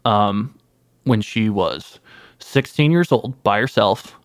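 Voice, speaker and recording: A man playing a guest in an improvised comedy interview, telling absurd stories with mock-earnest deadpan. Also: on the low side, slow, no room sound, studio quality. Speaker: guest playing an anime creator.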